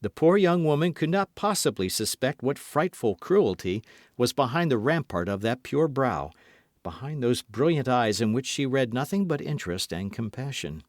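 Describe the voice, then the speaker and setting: A man narrating a classic novel as an audiobook with an expressive reading. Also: medium pitch, normal speed, no echo, clean studio sound. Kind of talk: scripted narration.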